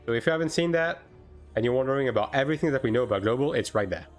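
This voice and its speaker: A man chatting casually on a live game stream, answering chat with lots of fillers and quick bursts. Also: medium pitch, lively intonation, soft background music.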